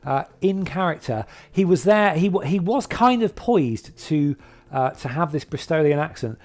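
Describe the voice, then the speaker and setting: A man's voice: on the high side, expressive, normal speed, darkish tone. A man talking casually to camera, rambling and hesitant, with lots of fillers and restarts. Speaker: vlogger describing his hobby.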